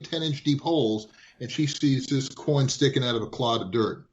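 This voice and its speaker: A man telling hobby stories in casual chat, lively and full of restarts. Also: medium pitch, normal speed, lo-fi sound. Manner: animated, repeats and restarts phrases. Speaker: guest. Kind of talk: casual storytelling.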